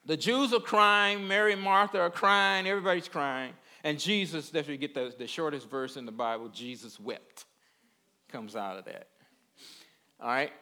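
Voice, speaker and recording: Folksy preacher, fairly high male voice. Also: normal speed, sharp tone. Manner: folksy, repeats words, checks in with listeners. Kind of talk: conversational sermon.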